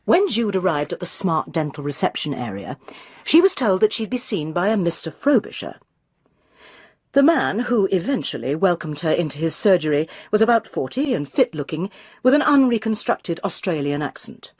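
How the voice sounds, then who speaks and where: A woman reading a mystery novel aloud in measured, expressive narration, close to the mic. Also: fairly low pitch, husky, no room sound. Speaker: audiobook reader.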